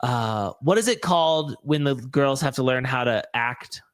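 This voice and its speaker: A male podcast host chats casually about reality TV, using lots of fillers and playful asides. His medium-pitched voice is unhurried, smooth, and fairly bright, captured in a dry, clean studio recording.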